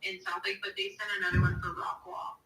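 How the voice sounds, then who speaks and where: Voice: a little fast, sharp tone, reverberant, recorded from a distance. A coworker on a business phone call, asking politely about a bid, hesitant, with frequent ums.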